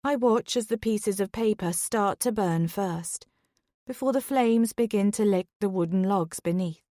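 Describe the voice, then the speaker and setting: A woman narrates a first-person mystery in a steady, measured voice at a middling pitch. The recording is dry and close, with no room sound at all. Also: no echo. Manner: even, measured storytelling. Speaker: audiobook narrator.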